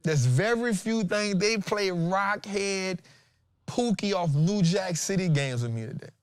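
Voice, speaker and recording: Animated fortysomething man host, dry sound. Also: high voice, a little slow, clear, resonant tone, no echo. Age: 40s. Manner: animated, emphatic, repeats lines for effect, slangy. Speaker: stock trading show host. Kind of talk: casual trading talk and chart breakdown.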